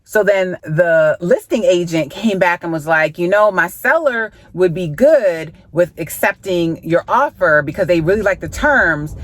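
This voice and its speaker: A woman real estate agent, chatting casually to camera and quoting people in lively voices. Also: on the low side, dry recording. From Georgia, USA. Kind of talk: casual vlog talk to camera.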